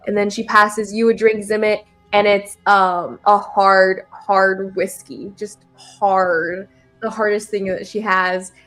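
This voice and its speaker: A woman's voice: mid-range voice, level tone, slow pace, a bit bright, faint music behind. Woman game master, chatty and giggly, lots of ums and restarts. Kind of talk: narrating a tabletop game.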